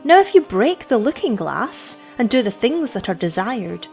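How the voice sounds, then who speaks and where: A haughty young village girl, as a woman reads her, scornful and measured, with a lively rise and fall in her lines. She talks down with calm superiority in a storybook reading. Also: a little high, vocal fry, soft background music, pitched above the performer's own voice.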